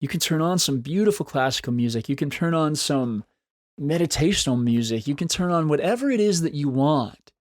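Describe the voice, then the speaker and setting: A man's voice: fairly high pitch, expressive, a little fast, no echo. A man hosting a solo podcast, talking in an earnest, encouraging way and repeating phrases for emphasis. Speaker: podcast host. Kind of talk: solo motivational podcast talk.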